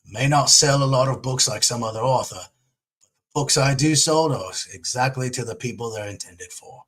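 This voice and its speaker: A man doing a rough impression of a blunt male English friend with a put-on English accent. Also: mid-range voice, moderate pace, a bit bright, natural voice. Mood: matter-of-fact. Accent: attempted English accent.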